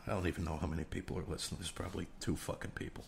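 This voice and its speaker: A man's voice: sits low, flat delivery, rapid-fire, vocal fry, a little hiss or hum. A young man, hosting a podcast with a rambling, swearing, self-deprecating comedic rant. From New York. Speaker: podcast host.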